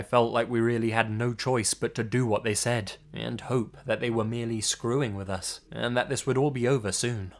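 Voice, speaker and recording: A man reading a scary story aloud in a subdued, measured way, as scripted horror narration. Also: on the low side, steady tone, a little hiss or hum. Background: faint music.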